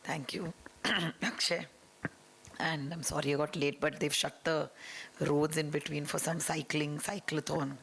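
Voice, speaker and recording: A woman with an Indian English accent giving a conference lecture on eye surgery, her voice hoarse and strained, with many fillers. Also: sits low, fairly even intonation, measured pace, a bit bright, a little hiss or hum. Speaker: oculoplastics consultant presenting a talk.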